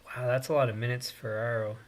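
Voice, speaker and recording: A man hosting a live stream, thinking aloud in an unhurried way with pauses and fillers. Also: mid-range voice, flat delivery. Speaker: host. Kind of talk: casual live-stream commentary.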